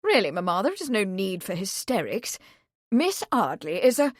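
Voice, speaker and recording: Woman playing a formal young gentleman, measured, lively tone, dry storybook sound. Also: mid-range voice, no room sound. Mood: stiff. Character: young gentleman, confident and stiff son.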